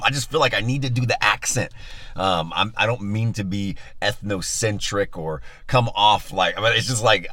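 A man's voice: lowish voice, a bit bright, no echo. A male pastor leading a live-streamed Bible study, upbeat and enthusiastic as he chats with his listeners, on a phone mic.

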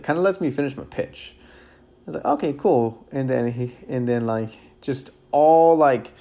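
A real estate agent telling stories about his job in a casual, rambling way, full of fillers and repeated words, relaxed and candid with some mild cursing. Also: mid-range voice. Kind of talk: casual storytelling.

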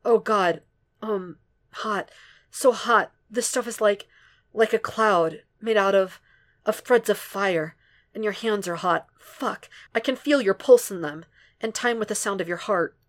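A woman voicing a breathless, overwhelmed young man who speaks in halting, pleading bursts in a fan fiction audiobook reading. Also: medium pitch, voice pushed up, close to an everyday voice.

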